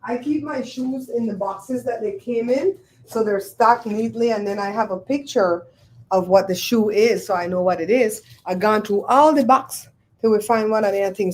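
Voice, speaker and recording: A woman, hosting a livestream and chatting with viewers, telling stories in an animated, exclaiming way. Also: mid-range voice, normal speed. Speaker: livestream host. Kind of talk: casual chat with live viewers.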